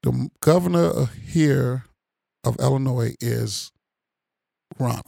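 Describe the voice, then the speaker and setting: A man from the Chicago area in a heated casual political chat, blunt and profane, often getting loud and animated. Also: medium pitch, slow, gravelly, no echo, clean studio sound. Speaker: panel commentator.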